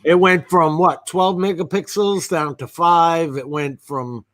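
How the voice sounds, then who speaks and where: Guy on a video call, slightly high voice, dry blunt jokes. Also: fairly even intonation, unhurried, a bit bright. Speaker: panel guest. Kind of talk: casual panel chat.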